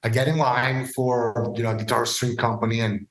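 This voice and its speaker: A man as a podcast guest, telling stories casually and acting out the dialogue with lively voices. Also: mid-range voice, moderate pace. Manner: animated, acts out quoted dialogue. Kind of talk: casual storytelling interview. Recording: roomy echo.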